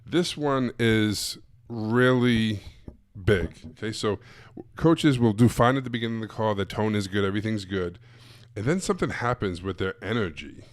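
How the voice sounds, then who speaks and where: A man teaching coaches how to run sales calls on a live stream. He is blunt and direct and keeps firing rhetorical questions. His voice sits low and the sound is dry and close. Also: animated, normal speed, no room sound.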